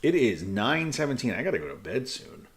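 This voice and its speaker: A man streaming live chess, thinking aloud in halting, muttered bursts as he calculates moves. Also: medium pitch, very animated, gravelly.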